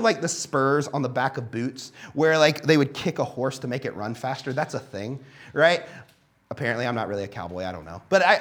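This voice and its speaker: A young man preaching a sermon, telling stories in a casual, animated way with plenty of fillers. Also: fairly high pitch. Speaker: pastor.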